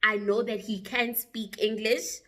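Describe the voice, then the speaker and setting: A young woman with a South African accent recounts a story to her viewers in a loose, chatty vlog. Her voice is bright and forward, and her delivery is animated, with regular asides to the audience. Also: mid-range voice, measured pace. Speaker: YouTuber.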